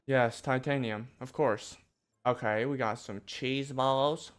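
Brash young guy, casual game commentary, swears a lot, mid-pitched voice. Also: fairly even intonation, slow pace. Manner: brash, joking, swears often, talks back to the game. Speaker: gaming video host.

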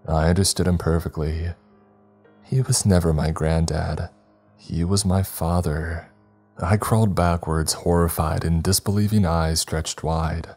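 A man giving a grave, measured, scripted horror narration. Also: extremely low pitch, dark tone.

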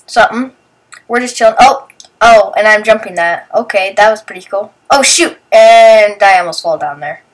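A woman's voice: mid-range voice, moderate pace, recorded from a distance. A young woman vlogger chatting through a casual voice-over, rambling about what her friends are doing. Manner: rambling and chatty, narrating what friends do and acting out their lines. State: sleepy, just woke up. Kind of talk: casual voice-over commentary on video clips.

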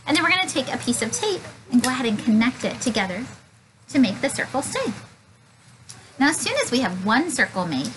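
A woman Sunday school teacher walks children through a craft, upbeat and encouraging. Her voice sits high. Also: sing-song, a little fast, noisy background.

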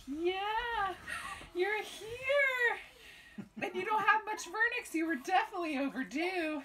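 Tearful new mother, high-pitched and slow, cooing softly over loud home noise. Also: expressive. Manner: soothing, cooing, breathless and emotional. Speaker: mother who has just given birth. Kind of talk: home birth video, emotional talk to newborn.

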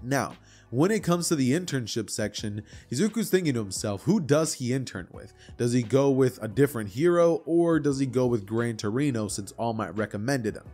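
A man's voice: mid-range voice, lively intonation, a little mellow, soft background music. Chatty male fan-story narrator. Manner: chatty, quick asides. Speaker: YouTube storyteller.

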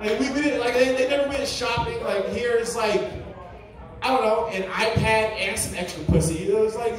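A man's voice: high-pitched, moderate pace, a crowd in the background. A man performing a crude, rambling stand-up comedy set on a club stage, with audience laughter behind him. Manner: crude, rambling, filler-heavy. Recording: echoey room, mic from far.

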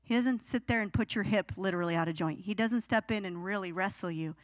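A youth pastor in young adulthood, she preaches a youth sermon a little fast, her mid-range voice turning whiny as she animatedly acts out teenagers' pleas. The recording is dry.

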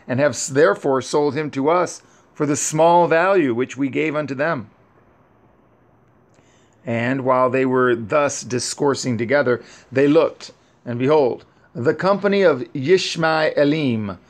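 A man reads an ancient scripture story aloud at a very unhurried pace. His delivery is solemn and measured, broken by frequent pauses, in an ordinary mid-range voice. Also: mid-range voice. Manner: measured, solemn, pausing often. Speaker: scripture reader. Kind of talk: slow scripture reading.

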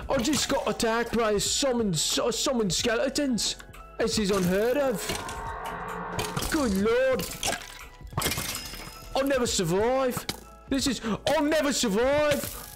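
A man's voice: very high voice, takes it slowly, long pauses, soft background music, voice pushed up. A man doing a put-on Yorkshire accent as a chatty, easygoing northern English man, staying breezy and unbothered. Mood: mock panic. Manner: breezy, unbothered even in alarm.

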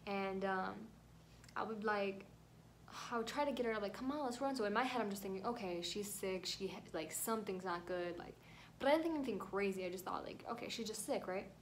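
A woman's voice: medium pitch, fairly quick, slight background noise. A young woman telling a rambling, emotional storytime vlog at home, at times close to tears. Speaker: vlogger.

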